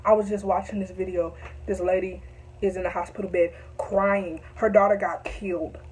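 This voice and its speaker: A woman's voice: on the low side, flat delivery, moderate pace, darkish tone, a little hiss or hum, rough recording. A young woman telling a story to camera, emphatic and repetitive, heated at times. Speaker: vlogger.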